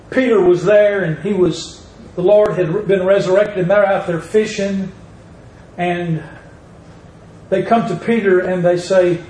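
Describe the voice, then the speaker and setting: A man's high, steady voice with a darkish tone fills an echoey sanctuary with faint ambience. He delivers a slow, emphatic sermon, stretching words out and leaning hard on key phrases with rising stresses.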